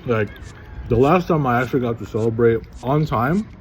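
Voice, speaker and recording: A man vlogging in a halting, rambling way, sounding weary and frustrated as he talks things through. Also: medium pitch, a little hiss or hum. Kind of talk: casual rambling monologue.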